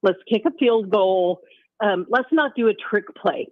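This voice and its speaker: An older woman calling in to a sports radio show, venting in an exasperated, animated way. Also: medium pitch, measured pace, no echo. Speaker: caller. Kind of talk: call-in radio. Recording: tinny phone line.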